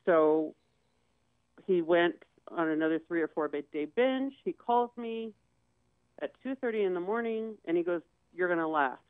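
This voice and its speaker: A woman's voice: on the low side, unhurried, clean tone, dry recording. A woman tells a dramatic personal story in vivid detail and slips into the voices of the people she quotes. Her voice comes through thin and boxy, like a phone line, with no room sound around it. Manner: vivid, acts out quoted dialogue. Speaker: guest sharing her story. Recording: tinny phone-like dry sound.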